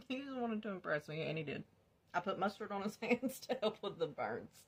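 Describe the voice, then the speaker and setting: A woman's voice: on the low side, big pitch swings, fairly quick, breathy edge. A woman vlogger telling her own life story in a blunt, confessional storytime, swearing freely. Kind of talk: candid storytime.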